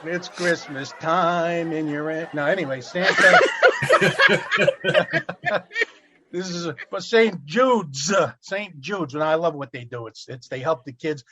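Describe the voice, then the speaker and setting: A man's voice: fairly high pitch, sing-song, slow, long pauses, pushed and bright. A man roasting in a crude, brash, profane stand-up style, breaking into mock carol snippets. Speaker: roast comedian. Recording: noisy podcast recording.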